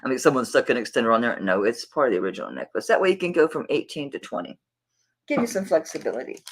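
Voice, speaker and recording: A woman's voice: extremely low pitch, big pitch swings, quick pace, slight background noise, rough recording. A middle-aged woman with a Southern accent hosting a live jewelry auction, chatting casually and affectionately with viewers. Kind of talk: casual livestream chat.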